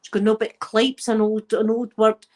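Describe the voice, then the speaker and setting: A woman's voice: a little high, level tone, normal speed. Chatty Glaswegian woman, rambling. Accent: Glaswegian Scottish. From Scotland. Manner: chatty, rambling, laughs often. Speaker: channel host. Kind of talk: casual chat.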